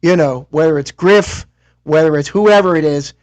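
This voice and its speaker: Man co-hosting, chiming in with quick affirmations. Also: a little high. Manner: affirming, chiming in with short responses. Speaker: podcast co-host. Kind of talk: casual interview.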